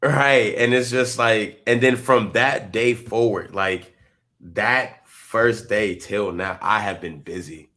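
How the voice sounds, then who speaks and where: A man's voice: lowish voice, takes it slowly. A young man from North Carolina, a podcast guest, telling his story in casual chat, emotional and fighting back tears. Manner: animated, emotional storytelling with many "I was like".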